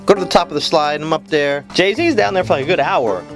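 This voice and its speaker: A man telling funny personal stories in an animated storytelling video, jokey and full of voice switches. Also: a little high, fast talker. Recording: voice-over with music bed.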